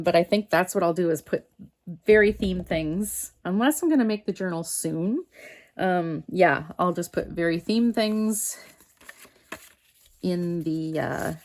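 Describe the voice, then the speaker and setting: A woman's voice: fairly low pitch, darkish tone. A woman in her home art studio chatting casually to viewers while sorting craft papers, rambling and losing her train of thought. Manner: rambling, self-interrupting, talks to viewers. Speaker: art vlogger.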